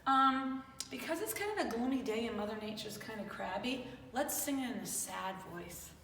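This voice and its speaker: A woman's voice: a little high, lively intonation, normal speed, fairly bright tone, slight background noise. A woman teaching young children in an online class in an upbeat, coaxing, sing-song manner. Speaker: kindergarten teacher. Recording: roomy echo, distant mic, faint ambience.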